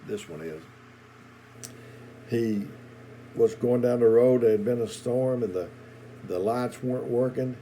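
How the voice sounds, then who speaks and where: A middle-aged man preaching in a recorded sermon video, telling folksy stories with halting pauses and repeated words. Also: mid-range voice, dark tone, slight background noise, low-quality recording.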